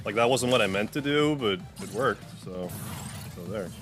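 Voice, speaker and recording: A man hosting a gaming livestream, chatting loosely while playing and cooing softly at his cat. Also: fairly low pitch, animated, moderate pace. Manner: rambling, loose, full of "like"; softens to a coo when talking to his cat. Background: game music.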